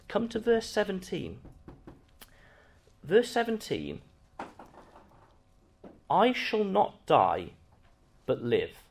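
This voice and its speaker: Male preacher, lively intonation, leans on every scripture line. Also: medium pitch. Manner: reads scripture slowly with emphasis. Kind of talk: bible teaching sermon.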